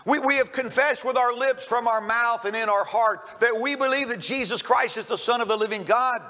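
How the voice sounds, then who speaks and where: A man's voice: very high-pitched, a little fast, bright, forceful tone, big-room sound. A man preaching a sermon in church, emphatic and often repeating his first words as he starts a sentence. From Kentucky. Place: church sanctuary.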